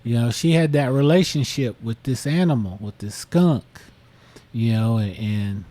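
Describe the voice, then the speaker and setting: Mellow man telling a rambling story. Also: mid-range voice, measured pace, dry recording. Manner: rambling, many fillers. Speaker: podcast co-host. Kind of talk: casual storytelling.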